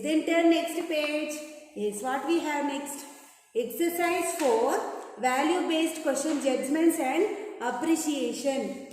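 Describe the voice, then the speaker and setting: A woman's voice: high-pitched, darkish tone. A woman teaching a grade-one class, patiently repeating questions and prompting the children to answer. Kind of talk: classroom lesson for young children. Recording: very echoey room with long reverb.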